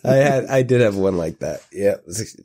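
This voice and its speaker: A man's voice: fairly low pitch, animated, normal speed, darkish tone. A man co-hosting a comedy podcast, laid-back and hesitant, laughing often in casual banter. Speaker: podcast co-host.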